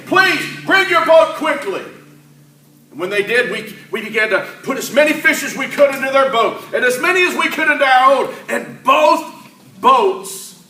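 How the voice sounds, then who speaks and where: A man playing the apostle Peter, an impulsive fisherman, in a dramatic first-person church monologue. He swings between loud cries and hushed asides. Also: very high voice, exaggerated voice. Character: the apostle Peter, a rough, impulsive fisherman telling his story. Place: church sanctuary. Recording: echoey church hall, mic at a distance.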